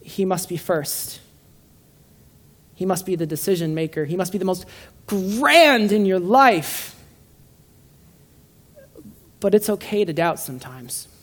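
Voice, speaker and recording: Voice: medium pitch, normal speed, dark tone. A laid-back preacher addressing a congregation in a room, talking in an easy, joking way. The delivery is full of stumbles and restarts, with a voice that sits in a middle register. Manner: informal and joking, with frequent restarts. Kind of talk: casual conversational sermon.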